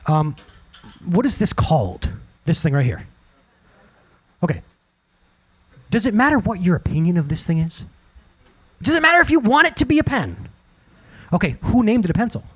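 Animated high-voiced preacher, husky tone. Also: male voice. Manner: animated, talks to congregation directly, asks many questions; breaks into acted-out quotes. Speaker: pastor. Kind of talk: sermon.

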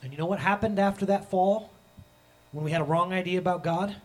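A man in his thirties preaching a sermon as pastor, animated and acting out the voices he quotes. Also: sits high, a little fast.

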